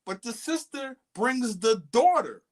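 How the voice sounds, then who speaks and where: A man's voice: very high-pitched, very animated, unhurried. A man co-hosting a podcast, casually and animatedly retelling a friend's dating story with quoted lines. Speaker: podcast co-host.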